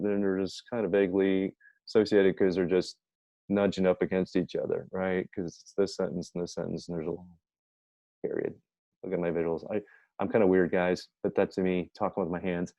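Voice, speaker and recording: A man gives an informal writing lesson, reading example sentences aloud and correcting himself as he goes. His voice sits a little low and mellow. The recording sounds dull and lo-fi, with a dry, close sound. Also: brisk, dry recording. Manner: chatty, self-correcting, reads examples aloud. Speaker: writing teacher. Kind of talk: informal grammar lecture.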